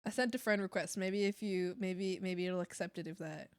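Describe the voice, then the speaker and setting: A woman's voice: fairly low pitch, steady tone, moderate pace, clear, resonant tone, dry recording, studio quality. A woman streamer chatting casually with her chat, playful and teasing, laughing often into a desk mic. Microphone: desk microphone.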